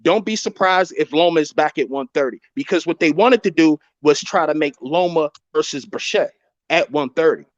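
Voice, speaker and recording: A man's voice: fairly high pitch, moderate pace, dry recording. A man on a video call, arguing boxing in a heated casual debate and repeating his points insistently. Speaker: boxing podcast panelist. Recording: dull lo-fi call audio.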